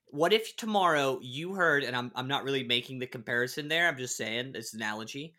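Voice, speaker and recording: A man's voice: mid-range voice, brisk, sharp tone. A man, an actor guest on a podcast, chatting casually and animatedly, laughing often and restarting his sentences. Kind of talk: casual chat.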